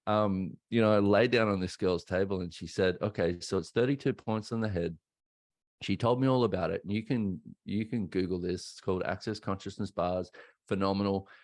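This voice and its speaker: Australian male podcast host, thirties, very deep voice, dry studio sound, open and conversational storytelling. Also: steady tone, a little fast, dry recording. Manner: candid, conversational, acts out quoted voices. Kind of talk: reflective personal storytelling.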